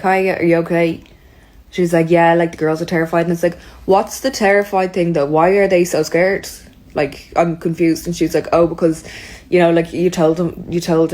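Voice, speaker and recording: A woman's voice: fairly low pitch, a little mellow. A young woman telling a chatty, exasperated storytime, acting out both sides of every exchange. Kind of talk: storytime monologue.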